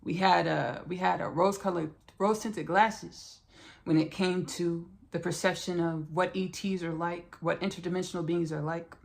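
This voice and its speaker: A woman's voice: on the low side, steady tone, moderate pace, vocal fry. A woman hosting a spiritual podcast monologue who repeats her phrases and talks straight to her listeners as "y'all" and "baby.". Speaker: podcast host.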